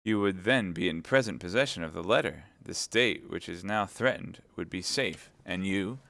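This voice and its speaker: A man's voice: low voice, moderate pace, creaky, a bit bright. A man reading a classic novel aloud, voicing a secretive cloaked agent who speaks scornfully and persuasively.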